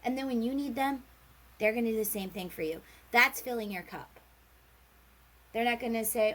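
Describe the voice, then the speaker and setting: A woman's voice: on the high side, moderate pace, long pauses, fairly bright tone, rough recording. A woman giving a casual tarot reading, chatty and rambling, acting out little quoted exchanges as she talks. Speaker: tarot reader.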